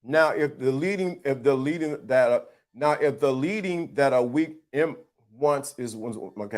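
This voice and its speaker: A man's voice: medium pitch, animated, measured pace. A man hosting a livestream, giving his blunt, preachy, teasing opinions to the chat in a casual, slangy way. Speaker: livestream host.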